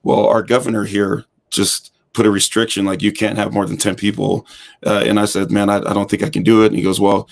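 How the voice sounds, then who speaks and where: With a lowish voice and some vocal fry, a man who teaches hip hop fitness tells his story as a guest on an interview show. He's casual and animated, acting out any dialogue he quotes.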